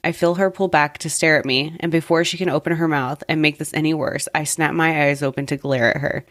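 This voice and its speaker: A woman co-hosting a podcast, reading explicit fan fiction aloud in a steady first-person narration. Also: low-pitched, no room sound, clean studio sound. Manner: unhurried first-person reading with an aside in her own voice. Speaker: podcast co-host.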